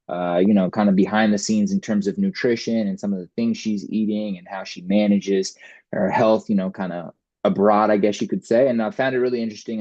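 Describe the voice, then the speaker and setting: A man's voice: fairly low pitch, darkish tone, no echo, lo-fi sound. A man hosting a casual fitness podcast interview over a video call, upbeat and chatty, often addressing listeners directly. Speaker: podcast host and fitness coach.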